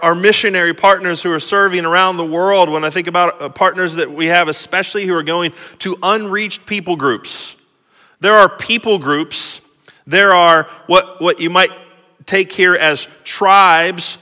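A male pastor preaches slowly and deliberately, with a bright, forceful voice pitched somewhat high for a man. He is earnest, repeats and restarts his phrases, and swings between hushed reflection and ringing emphasis. A long reverb trails each line, as in a large hall. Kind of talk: sermon.

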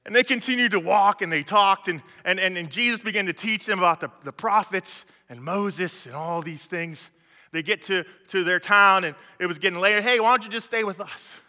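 Guy giving a sermon, high voice, super bright, casual slangy storytelling, long echo from a big church hall. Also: moderate pace. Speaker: preacher.

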